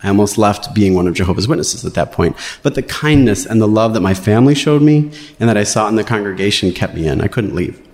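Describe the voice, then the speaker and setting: A man's voice: fairly low pitch, fast talker. Wry male storyteller in an echoing hall. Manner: wry, animated, playing quotes in raised voices. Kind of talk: live personal storytelling. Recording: roomy hall reverb.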